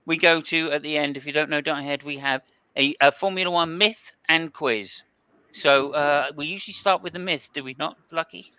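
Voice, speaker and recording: A man's voice: a little high, normal speed, sharp tone, smooth, dry recording, highs cut off. A man hosting a casual chat, joking and restarting his sentences. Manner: chatty, joking, stops and restarts. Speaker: host.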